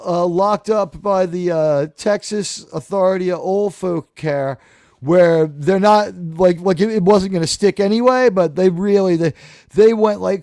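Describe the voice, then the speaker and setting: A man's voice: high voice, a little mellow, no room sound, studio quality. A man hosting a live talk show, rambling through casual, sarcastic, profane commentary.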